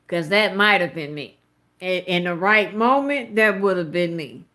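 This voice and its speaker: With a lowish voice that sounds pushed and bright, a woman in her thirties gives unhurried, lively live commentary. She's the show's host, and her remarks are blunt, emphatic and profane, aimed straight at her viewers in a conversational style.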